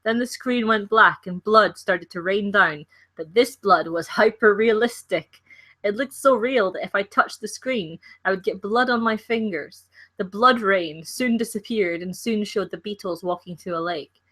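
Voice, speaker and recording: A woman's voice: medium pitch, normal speed, pushed and bright. A Scottish woman co-hosting a livestream, reading a story aloud with stumbles, self-corrections and giggles. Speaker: co-host reading stories aloud.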